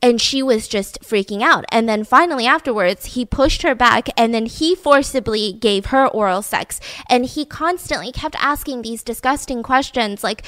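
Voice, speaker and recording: A woman's voice: on the high side, moderate pace, few pauses, a bit bright, no echo. Chatty young woman telling a true-crime story. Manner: chatty, filler-heavy, emphatic asides. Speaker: podcast host.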